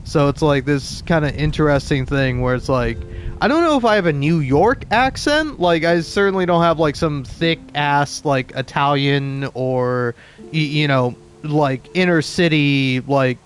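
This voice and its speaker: This let's play host is a young man in his twenties from the southeastern US with an East Coast American accent. His voice sits on the high side and is expressive and a little slow as he rambles and swears his way through casual gameplay commentary with many restarts.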